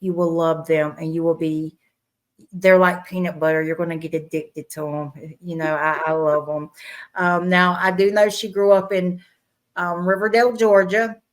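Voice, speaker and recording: A woman's voice: on the low side, flat delivery, normal speed. A woman hosting a casual podcast, introducing her guest with effusive praise and frequent fillers. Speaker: podcast host.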